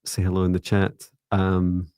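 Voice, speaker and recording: A man co-hosting a live psychic reading stream, talking calmly and reassuringly and calling out to viewers. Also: deep voice, measured pace, no echo. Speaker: psychic reader, livestream co-host.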